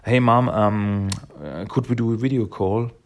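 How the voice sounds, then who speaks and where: A man's voice: fairly low pitch, fairly even intonation, a little slow, natural voice. A man reading the lines of an anxious young woman who has turned into a salamander mutant, hesitant and pleading, stumbling over his words.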